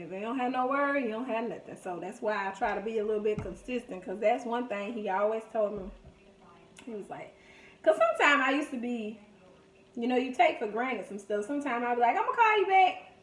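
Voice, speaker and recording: Woman in her 30s, casual vlog storyteller, slightly high voice, chatty, roomy echo. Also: brisk, recorded from a distance, a little hiss or hum. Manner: chatty, reminiscing, quotes people in lively voices. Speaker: vlogger. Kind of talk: casual storytelling during a food video. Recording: echoey room.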